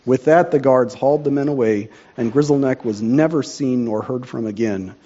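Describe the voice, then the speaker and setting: Man, storybook narration, mellow warm tone, dull lo-fi recording. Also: mid-range voice, normal speed, hardly any pauses.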